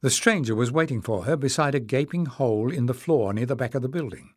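A man reads a fantasy novel for an audiobook, following a script and storytelling with measured expression. He has a mid-range voice, and the studio-quality recording has no room sound.

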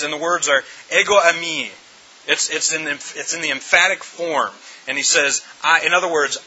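A man's voice: a little high, pushed and bright, slightly rough. A middle-aged man preaching a sermon as pastor, emphatic, often repeating words and restarting his phrases. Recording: dull lo-fi recording with faint hiss.

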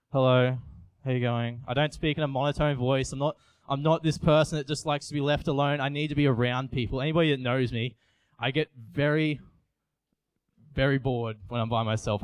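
A man's voice: mid-range voice, smooth, no echo. A young man, giving an earnest, confessional sermon with frequent restarts. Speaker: youth preacher. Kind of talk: personal sermon.

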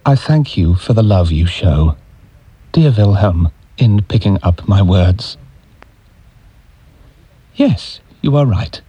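Anguished man in a slow dramatic reading. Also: sits low, animated, dark tone, husky, no echo. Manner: anguished, emotional. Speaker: reader.

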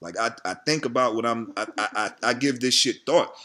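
A man's voice: medium pitch, expressive, a little fast, bright, forceful tone. A man, ranting heatedly and profanely in a casual vlog about his channel. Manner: profane, heated, repetitive venting. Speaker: video creator.

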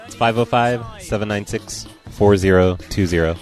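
Laid-back male radio host, low voice. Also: normal speed, loud music behind the voice. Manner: laid-back, joking and teasing. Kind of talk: casual call-in radio chat.

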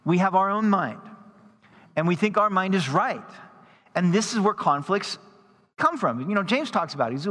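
A man's voice: high voice, lively intonation, brisk, fairly bright tone, in a large hall. A man preaching a sermon earnestly, restarting his sentences and repeating words as he goes. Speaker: pastor.

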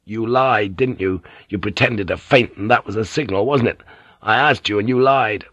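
A man's voice: on the low side, moderate pace, a bit bright, dry recording, lo-fi sound. A man voicing a bitter, weary sea pilot. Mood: accusing. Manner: bitter, speaking through clenched teeth.

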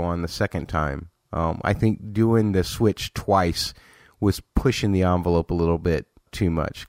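Guy with a real deep voice ranting about a tv episode, talks in bursts, fixes his own words. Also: darkish tone, dry recording, clean studio sound. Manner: chatty, self-correcting, exasperated asides. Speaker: podcast host. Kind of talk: casual TV episode review.

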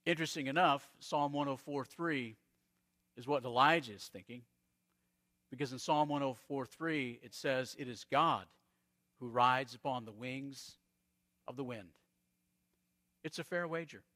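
Bright-voiced preacher man from Arizona. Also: fairly high pitch. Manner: storytelling preacher, dramatic pauses and swings in loudness. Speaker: pastor. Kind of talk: sermon.

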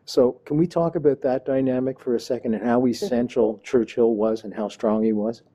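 A man's voice: medium pitch, steady tone, brisk, dark tone, husky. A man hosting an interview show, talking enthusiastically like a showman and addressing his audience directly. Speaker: host.

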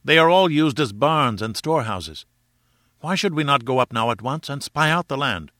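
A man's voice: mid-range voice, animated, normal speed, sharp tone, no room sound, clean studio sound, pitched above the performer's own voice. A man voicing an earnest young adventurer who cries out his ideas eagerly.

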